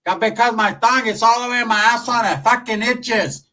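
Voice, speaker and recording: A man voicing a bossy, crude middle-aged aunt who nags in a shrill voice. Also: fairly even intonation, quick pace, bright, forceful tone, distant mic. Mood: nagging. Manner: shrill nagging.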